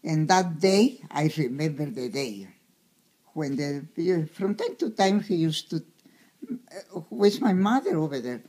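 A woman in her nineties telling a story from her childhood, halting and searching for words with many fillers. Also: low-pitched, lively intonation, dark tone, slight background noise. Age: 90s. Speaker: interviewee. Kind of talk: reminiscing storytelling.

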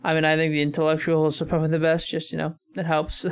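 American male reactor, slightly high gravelly voice, rambling musing commentary. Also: completely flat delivery, fast talker. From United States. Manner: musing aloud, chuckling often, thinking out loud with fillers. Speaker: reaction video host.

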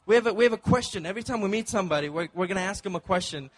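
A man's voice: sits high, animated, very fast. A man from Dubai performing a stand-up comedy set with punchy, playful crowd work on a club stage.

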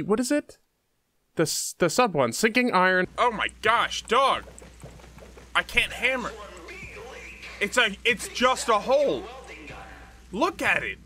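A man giving excitable commentary on a horror game, yelping and shouting at scares. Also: high voice. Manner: jumpy, yelps and shouts at scares. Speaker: let's play host.

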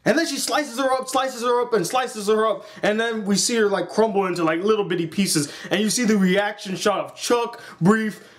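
Young male reviewer, high voice, excitable and animated, casual and profane. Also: moderate pace, hardly any pauses. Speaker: anime reviewer.

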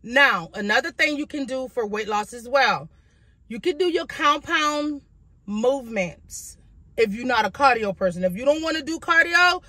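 Sassy high-voiced young woman vlogger. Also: sharp tone, dry recording. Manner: sassy, chatty, calls viewers girl and baby. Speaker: fitness vlogger. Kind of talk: casual talking-head vlog. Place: at home.

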